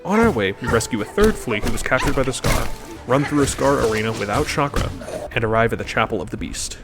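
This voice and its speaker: A man's voice: mid-range voice, expressive, quick pace. A man narrating a gameplay video voice-over in a wry, joking, explanatory way. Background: background music.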